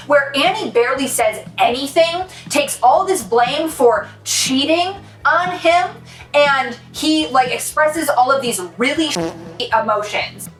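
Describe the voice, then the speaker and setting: A young woman rants about a book she hates, sarcastic, fed up and swearing as she mocks the characters. Her voice sits high. It sounds roomy and a bit distant from the mic, with faint music underneath. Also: a bit bright. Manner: exasperated, sarcastic, swearing, with mocking quoted voices. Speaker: book reviewer. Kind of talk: ranting book review.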